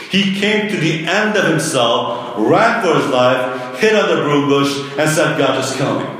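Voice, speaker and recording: A man's voice: fairly high pitch, a bit bright. Guy preaching a sermon in a church hall, long reverb, slips into an exasperated voice for the prophet. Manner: reads scripture, then acts out the prophet's complaints in a raised, exasperated voice. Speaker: pastor.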